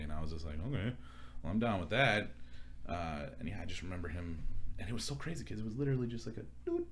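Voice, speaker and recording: Young man, podcast co-host, low voice, crude and animated, laughs a lot, faint background hum. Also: quick pace. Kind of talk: casual chat.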